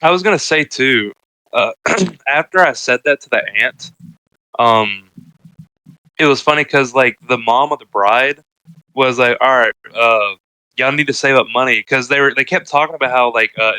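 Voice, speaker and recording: A man's voice: medium pitch, moderate pace, pushed and bright, clean tone, dry recording, low-quality recording. A young man telling a story in casual podcast chat, laid-back and rambling with lots of filler words. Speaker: podcast co-host.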